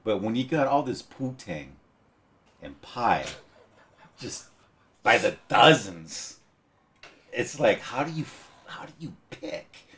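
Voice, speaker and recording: A man's voice: medium pitch, sing-song, slow pace, pauses often, a bit bright, slight background noise. An American man talking bluntly and crudely as a guest on a casual podcast chat. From United States.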